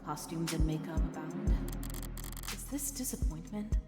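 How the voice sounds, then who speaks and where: A woman reads as a weary, sarcastic defense lawyer, narrating a game's story in a dry, wry tone. The voice sits lower, and it rings in a roomy space with a long reverb tail over music. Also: unhurried. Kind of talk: game narration read aloud.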